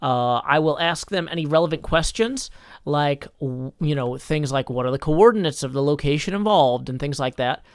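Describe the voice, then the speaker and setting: Man, stream host, measured mock-formal delivery, smooth clear voice, dry sound. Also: on the high side, dry recording. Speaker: streamer hosting a game server. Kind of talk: casual livestream chat.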